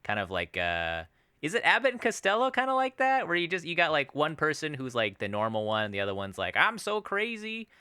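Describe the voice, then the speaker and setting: A young man chatting casually on a movie review podcast, his pitch swinging widely. His voice is bright and smooth, recorded dry and close. He laughs often and curses with ease. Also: fast, no room sound. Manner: animated, laughing, swears freely. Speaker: podcast co-host. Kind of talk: casual chat.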